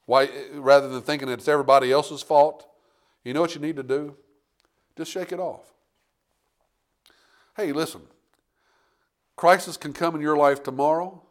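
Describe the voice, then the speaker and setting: A man preaching a sermon from the pulpit, his voice sitting a little high for a man. He drops low and earnest, then climbs into loud, dramatic bursts, acting out quoted voices along the way. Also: steady tone, moderate pace, pauses often. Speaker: pastor.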